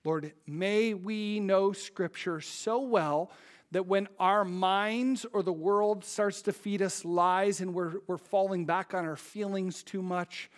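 A pastor in his thirties delivers a sermon in a notably high voice. His delivery is animated and conversational, and he often slips into quick impressions of the people in his anecdotes.

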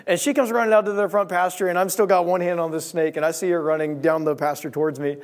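A young man tells a story from the pulpit, his voice sitting a little high. He speaks in an animated way and acts out the voices and sound effects in his story. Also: fast. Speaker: preacher. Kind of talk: sermon storytelling.

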